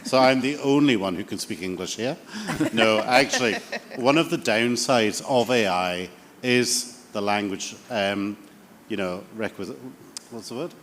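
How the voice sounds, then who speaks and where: A man's voice: fairly low pitch, unhurried, a little hiss or hum. A man with a Scottish Edinburgh accent, joking and teasing as a panelist in a conference discussion. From Scotland. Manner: jokey, teasing. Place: conference stage.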